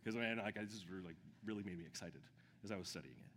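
A man preaching a sermon with great enthusiasm, dropping to a hush and then building to shouts. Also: low-pitched, quick pace, long reverb tail, slight background noise. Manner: enthusiastic, swings from hushed to shouting. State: out of breath. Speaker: pastor.

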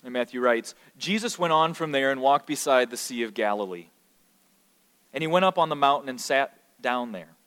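A man's voice: mid-range voice, lively intonation, moderate pace, a bit bright, clear, resonant tone, in a large hall. A man preaching a sermon as pastor, earnest, and stumbling over repeated words when he builds emphasis.

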